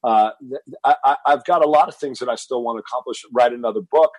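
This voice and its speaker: A man in his fifties from Texas, telling a personal story as a guest in an interview, animated and getting louder as he relives the moment. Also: mid-range voice, quick pace, dry recording, poor audio. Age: 50s. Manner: animated storyteller, rises to shouting when reliving anger. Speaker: fitness entrepreneur guest.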